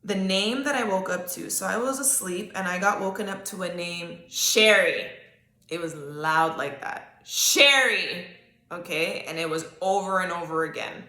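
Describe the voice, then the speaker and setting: A woman's voice: lowish voice, normal speed, hardly any pauses, a bit bright. Chatty woman podcaster in an echoey room. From Canada. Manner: casual, chatty, talks to listeners directly with many okays. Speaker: podcast host. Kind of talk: solo psychic-reading podcast talk.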